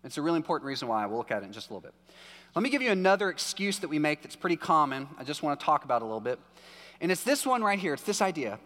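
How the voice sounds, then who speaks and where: A man's voice: on the high side, big pitch swings, racing, a bit bright. A man preaching a sermon in a casual, conversational way with joking asides, recorded live in a church hall. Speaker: pastor.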